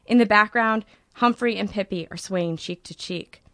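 Woman audiobook narrator, measured and wry, dry sound. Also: medium pitch, fairly bright tone, dry recording.

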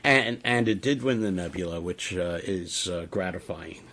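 A middle-aged man hosting a radio interview, talking in a rambling, halting way with many fillers. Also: sits low, pushed and bright, slight background noise. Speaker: radio host.

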